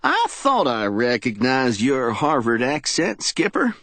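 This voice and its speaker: World-weary male reporter played by a man, cocky drawl, raised voice, gravelly edge. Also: medium pitch, wildly swooping pitch, unhurried, fairly bright tone, dry recording, voice pushed up, exaggerated voice. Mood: wry.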